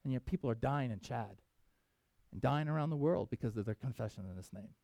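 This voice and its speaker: A man preaching a sermon as pastor, animated and conversational, swinging from loud emphasis to quiet asides. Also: mid-range voice, brisk, no room sound. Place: church in Wyoming.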